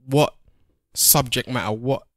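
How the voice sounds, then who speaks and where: A man's voice: mid-range voice, measured pace, no echo, studio quality. A man co-hosting a podcast, questioning and reasoning things through aloud. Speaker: podcast co-host. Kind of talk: casual debate chat.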